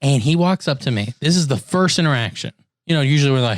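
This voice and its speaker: Man, casual podcast chat, animated storyteller, dry close sound. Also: mid-range voice, fast talker, no echo. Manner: animated storyteller, acts out quotes. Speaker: podcast co-host.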